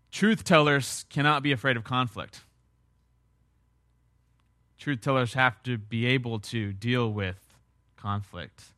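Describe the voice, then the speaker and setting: Man, pastor, sermon delivery, earnest emphatic repetition, rhetorical questions, mid pitch. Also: a bit bright, no room sound, clean studio sound.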